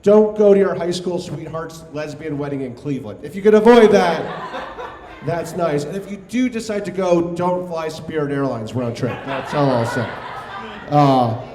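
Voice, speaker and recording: Telling a wry story on stage, a young New Yorker swears freely in this live comedic storytelling set. His voice is a little high and warm, at a moderate pace, and the echoey hall recording carries slight background noise.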